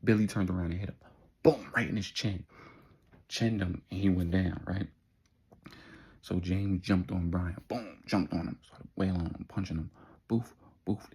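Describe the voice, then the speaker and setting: A man's voice: low voice, steady tone, moderate pace, vocal fry, pauses often, a little mellow, husky. A man telling a story in a casual, slangy, laid-back way, adding his own sound effects.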